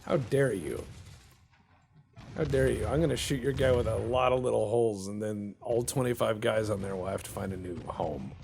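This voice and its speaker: A man's voice: fairly low pitch, fairly quick, creaky, hardly any pauses, a little mellow, slight background noise. A man casually commenting on a naval strategy game he is playing, joking and sarcastic, now and then doing silly little voices. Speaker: gameplay commentator. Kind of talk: casual let's-play commentary.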